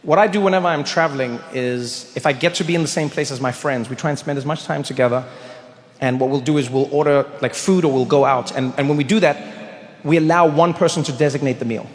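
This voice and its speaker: A man doing stand-up comedy, telling stories with animation and bursting into loud shouts. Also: on the high side, quick pace. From South Africa. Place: large theater stage. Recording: reverberant hall, faint noise.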